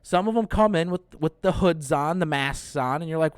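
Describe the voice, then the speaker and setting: A young man hosting a casual movie review, retelling the plot excitedly, cursing and acting out lines. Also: on the high side, normal speed, clear, resonant tone, no echo, studio quality. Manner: excited, profane retelling with acted-out quotes. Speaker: host.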